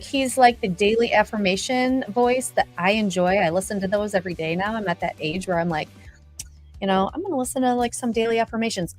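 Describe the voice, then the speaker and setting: A middle-aged woman hosting a casual livestream, chatty and bubbly, greeting viewers by name. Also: on the high side. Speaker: livestream host.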